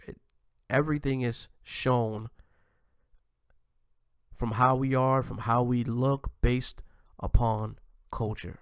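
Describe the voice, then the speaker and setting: Animated man ranting into a dry mic. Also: mid-range voice, creaky, smooth, no room sound. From United States. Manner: animated, repeats "man" at ends of lines, frequent restarts. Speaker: host. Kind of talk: casual commentary monologue.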